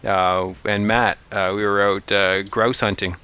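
A man co-hosting a podcast, telling hunting stories in an animated, casual way, often restarting his sentences. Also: on the low side, unhurried, a little hiss or hum. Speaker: podcast co-host. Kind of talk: casual storytelling chat.

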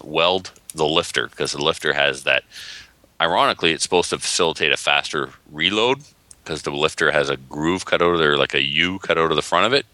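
A man's voice: very deep voice, no room sound. A man co-hosting a casual podcast chat, telling long rambling stories and acting out the voices he quotes. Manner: rambling, animated storyteller, acts out quoted voices. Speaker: podcast co-host.

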